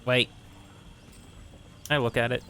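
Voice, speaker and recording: A man playing a tabletop game, casually thinking out loud. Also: medium pitch, flat delivery, takes it slowly, smooth. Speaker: player. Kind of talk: tabletop role-play.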